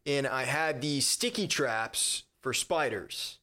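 A man's voice: mid-range voice, animated, slow, pushed and bright. A man with an ordinary mid-range voice tells a story on a podcast. He rambles along loosely and curses casually. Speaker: podcast co-host.

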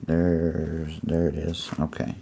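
A man preaching an earnest sermon, pausing to find his place and reading scripture aloud. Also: extremely low pitch, completely flat delivery, creaky, warm tone, slight background noise. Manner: earnest, reads scripture aloud with pauses while finding pages.

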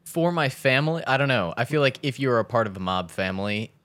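A man's voice: mid-range voice, animated, fairly quick, fairly bright tone. A man who is a comedian guest, chatting casually with dry, self-deprecating humor. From part Italian family. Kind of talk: casual chat.

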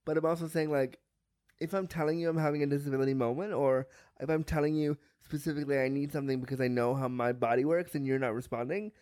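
A man from Canada answers interview questions in a candid, animated way, mimicking other people for comic effect. His speaking voice sits fairly high for a man. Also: fast, no echo. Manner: frank and lively, acts out other people's voices with humor. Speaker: guest.

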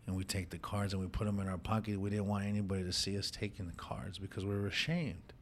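A man's voice: low-pitched, fairly even intonation, fast, slight background noise. Heartfelt man telling his story in slang. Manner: street slang, heartfelt, calls listener dog and homie. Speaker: guest sharing his life story. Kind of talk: emotional personal storytelling.

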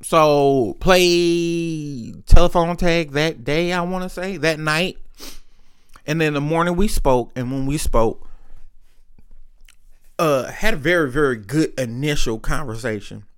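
A young man with a clear, smooth voice pitched a little high, hosting a podcast. He tells rambling, candid stories in casual chat and swears freely. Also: unhurried. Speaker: podcast host. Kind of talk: casual storytelling.

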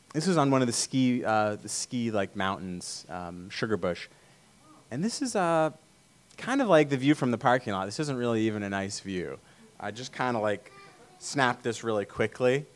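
A man from Vermont giving a casual sermon talk to a church meeting, telling stories in a relaxed way with many fillers. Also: medium pitch. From Vermont, USA. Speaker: church speaker.

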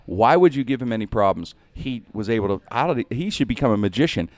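Talking fast in a mid-range voice with no echo, a middle-aged man hosting a show tells a long comic story in easygoing chat, animatedly joking and performing other people's dialogue.

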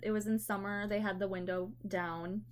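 A young woman chatting casually as a podcast co-host, telling lively stories and acting out the people in them. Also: mid-range voice, moderate pace. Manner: animated storyteller, acts out customers in quotes. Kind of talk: casual chat.

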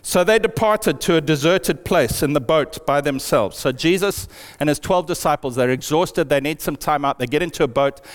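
A man preaching a sermon in a church hall, with animated storytelling. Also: on the high side. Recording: long hall reverb.

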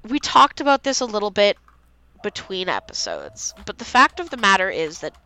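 A young woman co-hosting a casual fan podcast, excitedly reading out favorite quotes and swearing freely. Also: mid-range voice, moderate pace, creaky, clear, resonant tone, low-quality recording. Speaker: podcast co-host.

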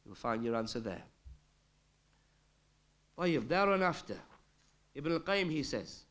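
A man's voice: a little high, sing-song, unhurried, long pauses, a bit bright. A man giving a religious lecture with an emphatic, rising and falling delivery, quoting Arabic texts. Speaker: Islamic lecturer.

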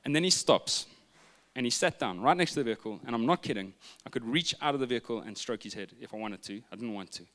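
A man, preaching a sermon with humorous stories and hushed retellings. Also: mid-range voice, animated, quick pace. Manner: humorous storytelling, shifting from loud asides to hushed retelling. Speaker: pastor.

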